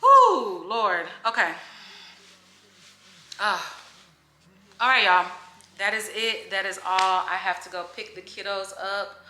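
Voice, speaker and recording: Bright chatty woman vlogger in an echoey room. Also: medium pitch, a little hiss or hum. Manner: candid, chatty, emotional, says "y'all". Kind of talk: casual Q&A chat to camera. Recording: echoey room with faint music.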